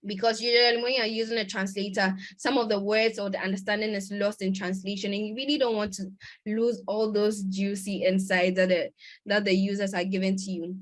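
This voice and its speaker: A woman's voice: medium pitch, little pitch movement. Woman presenting a talk over a video call. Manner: explanatory, with many pauses and self-corrections. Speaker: conference presenter. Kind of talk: lecture on research methods.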